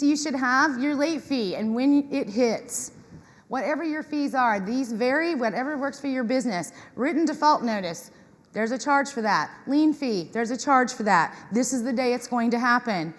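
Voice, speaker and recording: A woman giving a lively talk to an audience, acting out customers in quoted voices. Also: fairly high pitch. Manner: animated, acts out tenants in quoted voices. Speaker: conference speaker on property management. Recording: reverberant hall.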